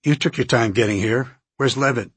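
A man voicing a calm, measured senior scientist. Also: medium pitch, breathy edge, no echo. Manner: measured, reassuring.

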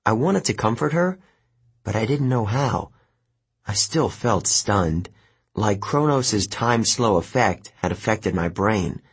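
Breathy, animated male audiobook narrator. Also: lowish voice, measured pace. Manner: animated storytelling, voices each character. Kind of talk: first-person novel reading.

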